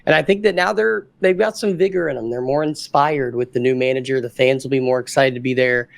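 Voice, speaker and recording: A man's voice: mid-range voice, a little fast, gravelly. A man co-hosting a casual football podcast, confidently laying out match predictions. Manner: confident, makes firm predictions. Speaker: podcast co-host. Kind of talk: casual sports chat.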